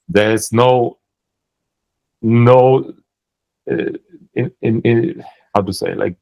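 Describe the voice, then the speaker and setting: A man's voice: on the low side, fairly even intonation, slow pace, vocal fry, pauses often, darkish tone, poor audio. A man with a German accent coaching on sales calls in casual chat, thinking aloud with many restarts.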